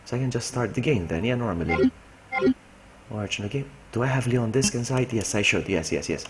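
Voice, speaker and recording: A man's voice: fairly low pitch, animated, brisk, a little hiss or hum. A man, streaming a game and talking himself through it while greeting chat. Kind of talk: live gameplay commentary. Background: game music.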